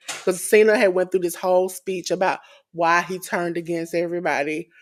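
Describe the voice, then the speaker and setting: A woman co-hosting a wrestling podcast in casual chat, animated and acting out quotes in different voices. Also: on the low side, normal speed. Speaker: podcast co-host.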